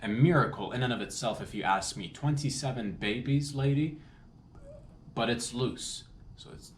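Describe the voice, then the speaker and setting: A man's voice: medium pitch, brisk. A Canadian man hosting a comedy podcast, rambling through a loose solo monologue with lots of restarts and jokey asides. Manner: meandering, self-correcting, loose and jokey. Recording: echoey room with faint noise.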